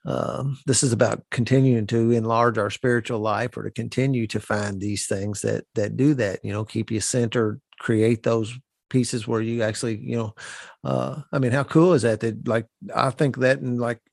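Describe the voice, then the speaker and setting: A man hosts a podcast with a gravelly, creaky voice. He sounds affirming and reflective and agrees often. The recording is dry, with a close mic. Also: mid-range voice, steady tone, normal speed, darkish tone, dry recording. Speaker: podcast host. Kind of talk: casual conversation.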